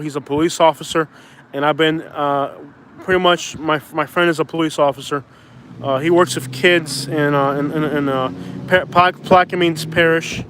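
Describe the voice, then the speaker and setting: Outdoors by a bridge, a man in his thirties runs a live stream, chatting loosely, wandering off topic, and pushing back against viewers. He sounds on the high side with a fairly bright tone, and there's a slight hiss or hum in the audio.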